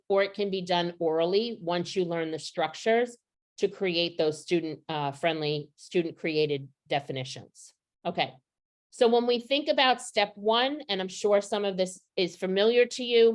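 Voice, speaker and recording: A middle-aged woman training teachers on vocabulary instruction, practical and asking the audience questions. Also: mid-range voice. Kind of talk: professional development workshop.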